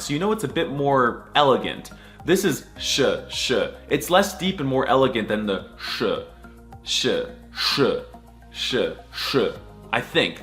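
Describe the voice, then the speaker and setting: A man jokes his way through a scripted voice-over, goofy, crude and full of mock outrage. His pitch swings up and down all over the place while he stretches out repeated sounds. Soft music plays underneath. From United States. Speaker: comedic language explainer.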